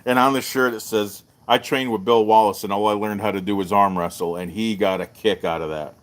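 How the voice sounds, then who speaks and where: A middle-aged man, hosting a live-streamed martial arts show and telling stories in a loose, animated way. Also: fairly quick. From Texas. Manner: animated storyteller, jumps up in pitch for quoted voices. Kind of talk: casual storytelling to a live stream.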